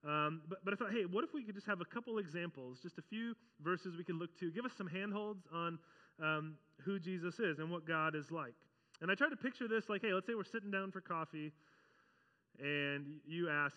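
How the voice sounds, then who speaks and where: A man with a high, bright voice gives a casual, animated sermon, slipping into quoted voices as he goes. The sound is dull and lo-fi, with a long reverb trailing each phrase. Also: a little fast. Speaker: pastor.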